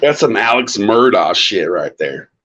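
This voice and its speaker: A man's voice: lowish voice, very animated, unhurried, bright, forceful tone. A man joking crudely and laughing in casual stream banter.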